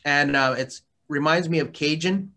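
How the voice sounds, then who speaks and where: A man's voice: a little high, moderate pace, pushed and bright. A man being interviewed as a guest, talking casually and rambling, with lots of restarts and easy laughter. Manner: rambling, many fillers and restarts, laughs often. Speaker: interview guest, hot sauce maker.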